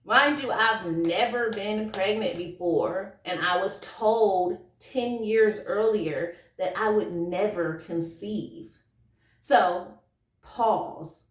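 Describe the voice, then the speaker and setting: A woman in her thirties telling a personal story to camera in a chatty, animated, slangy way that turns emotional. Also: mid-range voice, slow, distant mic. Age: 30s. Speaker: vlogger. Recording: roomy echo, from off the mic.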